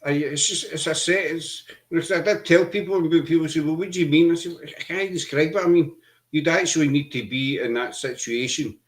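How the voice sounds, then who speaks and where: A middle-aged man hosting a podcast, telling his story earnestly over a video call, halting often with fillers. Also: fairly high pitch. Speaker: podcast host. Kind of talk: casual chat.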